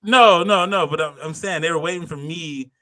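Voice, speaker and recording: A man's voice: a little high, moderate pace, pushed and bright, no echo. A young man on a podcast, casually telling a story with lots of slang and swearing. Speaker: podcast co-host. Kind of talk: casual chat.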